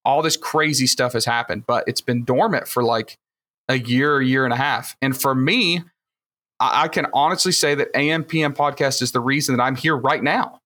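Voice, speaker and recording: A man with a Southern Alabama accent, a guest who later hosts, rambles enthusiastically through stories with lots of fillers on a laid-back podcast. He talks at normal speed in a sharp, mid-range voice.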